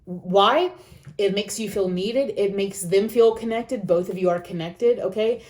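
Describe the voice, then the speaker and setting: A woman's voice: mid-range voice, a little slow, a little mellow. Earnest woman giving heartfelt advice. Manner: earnest, encouraging, repeats phrases for emphasis. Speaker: vlogger. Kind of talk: reflective personal talk.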